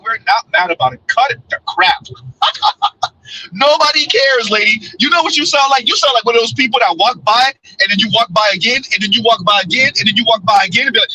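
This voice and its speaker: A man's voice: extremely high pitch, brisk, pushed and bright, breathy edge, rough recording. A man hosting a blunt, mocking commentary show while riding in a car, often laughing. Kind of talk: casual live commentary. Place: in a car, in transit.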